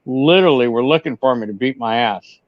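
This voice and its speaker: A man's voice: medium pitch, a little fast, no room sound, muffled recording. A man in casual podcast chat, telling crude, joking stories about his past jobs.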